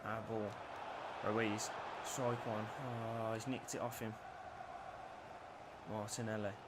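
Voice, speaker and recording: A young man commentating his own football video game match, nervy and swearing, bursting into shouts at big moments. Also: fairly low pitch, little pitch movement, slow pace, very noisy. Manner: nervous, swearing, erupting into shouts at goals. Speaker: gaming YouTuber. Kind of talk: live gameplay commentary.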